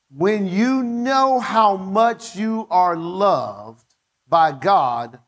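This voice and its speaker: A man's voice: high voice, a bit bright. A male pastor preaching a sermon in church, repeating phrases and calling on the congregation to say them with him.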